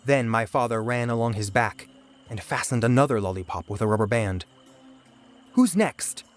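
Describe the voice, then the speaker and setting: A man reading a children's book aloud in a calm, measured storytelling voice. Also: lowish voice. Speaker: audiobook narrator. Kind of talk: storybook read-aloud narration. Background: soft background music.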